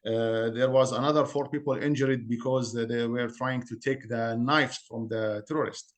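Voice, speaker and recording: A man in an interview, recounting events as a community member in a halting, earnest way, often searching for words. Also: mid-range voice, fairly even intonation.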